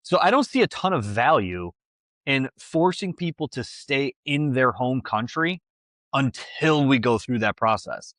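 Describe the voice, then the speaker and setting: A man's voice: mid-range voice, lively intonation, unhurried, fairly bright tone, dry recording. A man co-hosting a podcast, arguing his view in a casual debate, hesitant and full of restarts. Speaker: podcast co-host.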